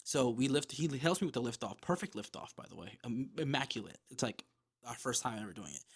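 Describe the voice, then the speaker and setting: Animated, profane man telling a story. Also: medium pitch, breathy edge. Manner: animated, profane, quick asides. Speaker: podcast host. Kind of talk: casual solo storytelling.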